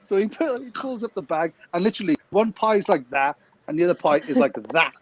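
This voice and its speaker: A man, co-hosting a podcast, tells a funny story in a casual, animated way and laughs as he goes. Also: sits high, unhurried, pauses often, a little hiss or hum, low-quality recording. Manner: animated, laughs through his story, acts out quotes.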